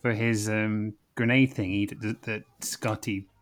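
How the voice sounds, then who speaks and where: A man co-hosting a podcast in casual chat, halting and full of fillers. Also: fairly low pitch, fairly even intonation. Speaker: podcast co-host.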